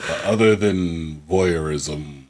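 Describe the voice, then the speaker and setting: Wry, slow-talking male podcast co-host. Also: low voice, a little mellow. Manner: wry, drawn-out, trailing off. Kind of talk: casual chat.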